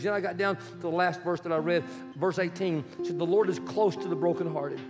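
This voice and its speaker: A pastor in his sixties preaching a sermon, swinging from loud urgent pleading to soft, hushed prayer. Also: high-pitched, brisk, few pauses. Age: 60s. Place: church sanctuary. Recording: long hall reverb with guitar music behind. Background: soft guitar music.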